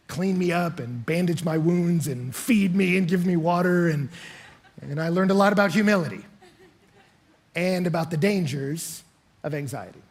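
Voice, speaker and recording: A male pastor preaching a sermon, telling a personal story with animated storytelling and acting out the scenes. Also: high-pitched, breathy edge.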